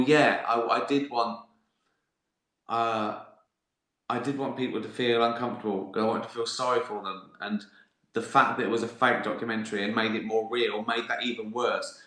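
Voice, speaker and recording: A man hosts a casual live-stream Q&A, answering viewer questions in a teasing, sweary way. His voice is bright and sharp, at a middling pitch. The recording has an echoey room sound.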